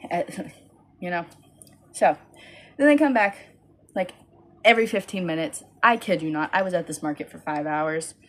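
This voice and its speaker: A woman's voice: moderate pace, long pauses. A tired young woman tells a rambling storytime vlog into her phone. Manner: tired, rambling, animated with high-pitched quoted voices. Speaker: small business owner vlogging.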